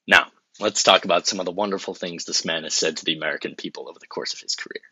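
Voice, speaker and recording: A man's voice: low-pitched, steady tone, rapid-fire, sharp tone, breathy edge, no echo, highs cut off, heavily acted. A man playing a flustered, awkward campaign spokesman in a comedy sketch, stumbling over bad examples and muttering asides.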